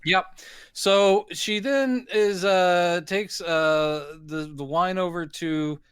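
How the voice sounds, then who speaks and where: A man's voice: high voice, takes it slowly, a bit bright, smooth, no echo. A man co-hosting a casual movie recap, animatedly acting out characters' lines in jokey voices. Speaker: podcast co-host.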